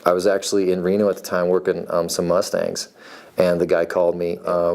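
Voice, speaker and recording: A man in his forties from Nevada, with a deep voice that has a gravelly fry to it. He tells his life story in a relaxed, meandering way. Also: a little fast. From Nevada, USA. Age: 40s. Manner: rambling, laid-back, meandering. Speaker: reality show applicant, farrier. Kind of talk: casual personal storytelling.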